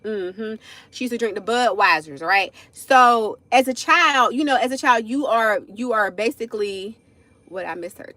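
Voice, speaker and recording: A woman's voice: fairly high pitch, lively intonation, moderate pace, sharp tone, no room sound. A woman, telling a casual story on a livestream, chatty, addressing viewers as y'all, with frequent asides. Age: 40s.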